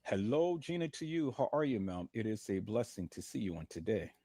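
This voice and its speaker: Fervent husky man testifying in pain. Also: lowish voice, very animated, fairly quick, dark tone, dry recording. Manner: fervent, repetitive, calls viewers "peoples". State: in pain, lying in bed. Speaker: livestream host. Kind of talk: preachy testimony to viewers.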